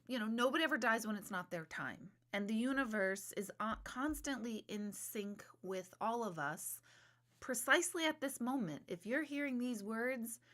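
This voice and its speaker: A woman's voice: mid-range voice, fairly bright tone. Middle-aged woman, live-stream host; candid, rambling talk, curses in rants. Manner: candid, rambling, swears when ranting. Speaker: livestream host, intuitive reader. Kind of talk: casual live-stream talk, reading viewer comments.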